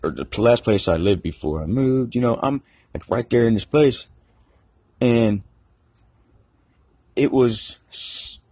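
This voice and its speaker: A man's voice: medium pitch, unhurried, pauses often, a little mellow, dry recording. A man telling a rambling, profane story in a casual rant. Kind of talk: casual ranting anecdote.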